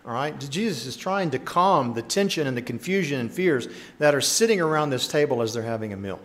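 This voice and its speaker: A man preaching a sermon as pastor, in an animated, conversational way, often asking his listeners questions. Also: mid-range voice, brisk.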